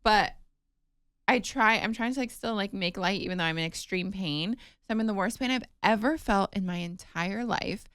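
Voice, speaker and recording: A woman co-hosting a podcast, telling a personal story in casual chat, animated and emotional with many fillers. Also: medium pitch, normal speed, clear, resonant tone, dry recording, clean studio sound. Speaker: podcast co-host.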